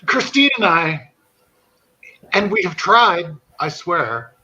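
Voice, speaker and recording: Guy spinning a funny story real slow, keeps cracking up, kinda breathy, muffled lo-fi sound. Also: sits high. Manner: animated anecdote teller, laughing through his story. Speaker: podcast host. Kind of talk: casual storytelling.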